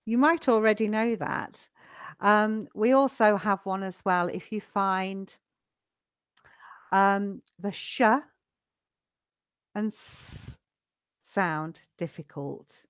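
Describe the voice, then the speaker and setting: Lady teaching english online, slow and patient, dry close mic. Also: mid-range voice, clean tone, no room sound. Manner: chatty, patient, slows down for learners. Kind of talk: live online English lesson.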